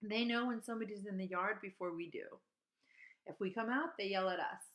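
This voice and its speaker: A woman teaching at an outdoor school, reading a bird picture book aloud and chatting about the birds, breaking into high bird calls and hushed whispers. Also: brisk. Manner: shifts to hushed whisper for quiet parts.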